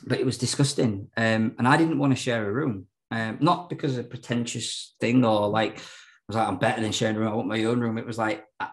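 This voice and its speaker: A man's voice: fairly low pitch, vocal fry. A man telling his own story frankly as a podcast guest, swearing, using lots of fillers, and laughing often. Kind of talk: candid personal storytelling.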